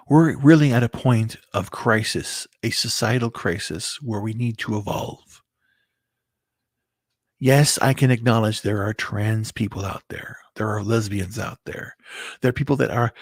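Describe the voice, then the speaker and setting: A man's voice: medium pitch, husky, no room sound, studio quality. A man talking casually to his viewers in a rambling opinion monologue, restarting sentences and swearing under his breath. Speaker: video commentator.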